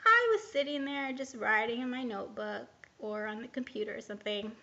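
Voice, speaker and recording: Gravelly, bright-voiced woman rambling candidly. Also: on the high side, animated, a little fast, lo-fi sound. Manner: rambling and candid, full of hesitations and "like". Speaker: vlogger. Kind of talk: casual personal storytelling to camera.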